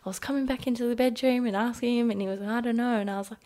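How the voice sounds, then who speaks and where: A woman in her thirties with an Australian accent, casually telling a personal story in an interview with lots of "like" fillers and a hushed voice at times. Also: a little high, fairly even intonation, very fast. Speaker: interview guest.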